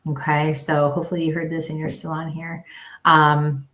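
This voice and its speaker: A woman hosts a casual livestream, passing on spirit messages between bursts of laughter. Her voice sits a little low and carries an echo, as if she is in a bare, reverberant room. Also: level tone, moderate pace, a bit bright. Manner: chatty, laughs often, relays messages in quotes. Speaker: psychic medium and livestream host. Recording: echoey room.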